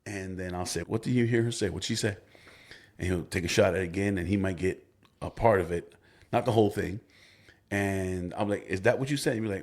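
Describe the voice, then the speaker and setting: A middle-aged man co-hosting a couples podcast in casual chat, animated and exclamatory, acting out his clients as he tells stories. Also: lowish voice, normal speed. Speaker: podcast co-host, couples counselor.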